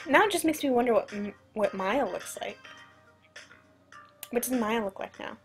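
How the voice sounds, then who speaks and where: A high-voiced woman commentates as she plays a video game, chatty and quick to get excited, often making fun of herself. She talks at an easy, unhurried pace over faint background music. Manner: chatty, excitable, self-deprecating. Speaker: let's play commentator.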